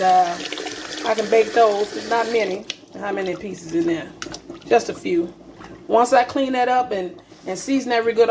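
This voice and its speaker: A woman's voice: a little high, a little hiss or hum. A woman hosting a casual home cooking vlog, chatty and repetitive, calling her viewers baby and family. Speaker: cooking channel host. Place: home kitchen.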